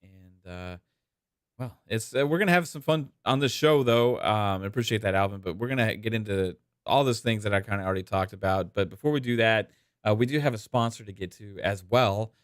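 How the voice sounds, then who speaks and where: A man's voice: lowish voice, brisk, dry recording, studio quality. A man from Texas hosting a gaming podcast in a laid-back, casual way, with many fillers. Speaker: podcast host. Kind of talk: casual chat.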